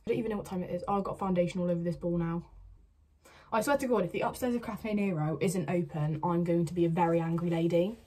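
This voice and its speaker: A woman's voice: lowish voice, steady tone, fast, warm tone, breathy edge. A woman chatting casually to camera as a vlogger, rambling to herself while getting ready at home. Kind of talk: casual vlog chat. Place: at home, indoors.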